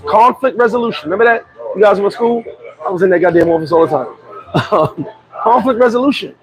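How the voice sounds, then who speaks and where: Male vlogger, high pitch, animated and joking rant, street crowd audible behind. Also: a little fast, rough recording. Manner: animated, joking, swears freely. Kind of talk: casual rant to camera.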